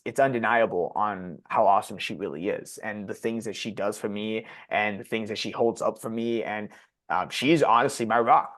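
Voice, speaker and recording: A young man candidly telling a personal story on a podcast, blunt and profane, with lots of "like" fillers. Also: medium pitch. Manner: blunt and profane, heavy use of "like". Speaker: podcast guest sharing his story.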